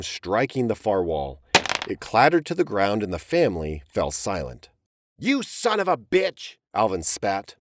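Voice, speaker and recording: A man giving dramatic, expressive narration of a historical audiobook story. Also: lowish voice, no echo.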